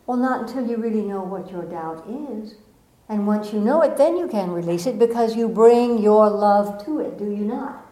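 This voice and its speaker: Woman, middle-aged, spiritual speaker, gentle and earnest, roomy echo. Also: on the high side. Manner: gentle, earnest, with playful asides and laughs. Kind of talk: motivational spiritual talk.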